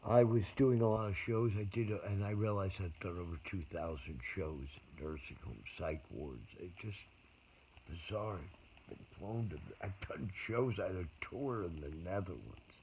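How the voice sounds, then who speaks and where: A man's voice: deep voice, normal speed. An older man who works as a performer tells personal stories in a rambling way. He grows emotional, trails off mid-sentence and sometimes drops to a whisper. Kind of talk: rambling personal storytelling monologue. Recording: tinny phone-like audio with faint ambient hiss.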